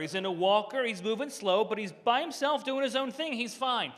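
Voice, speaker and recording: A man's voice: sits high, a little fast, few pauses, fairly bright tone, in a large hall. A man performing a stand-up comedy set, telling stories with punchy asides and acting out what people said. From Philadelphia area. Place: country club room, live audience.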